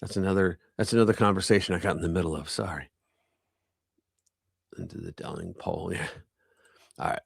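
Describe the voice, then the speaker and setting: Gravelly, chatty live-stream host. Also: male voice, low voice, fairly quick, long pauses, no echo, studio quality. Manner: offhand, chatty, mutters while searching. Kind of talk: casual live-stream commentary.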